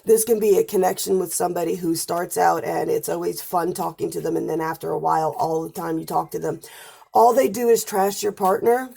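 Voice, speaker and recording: A woman's voice: fairly low pitch, fairly even intonation, brisk, vocal fry, mellow, slightly rough. A woman giving a casual spoken astrology and tarot forecast, chatty and talking straight to viewers, her voice wearing out as she goes. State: losing her voice.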